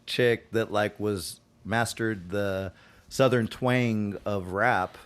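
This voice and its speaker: A man with a lowish, clear, resonant voice takes his time and keeps a steady tone as a podcast guest. Chatting casually in an American Western twang, he rambles, uses many filler words, and acts out quotes.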